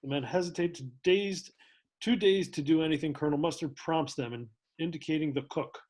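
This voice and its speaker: A man's voice: on the high side, brisk, darkish tone. Man narrating a script at a table read. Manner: reads narration with laughs and slips. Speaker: narrator reading stage directions.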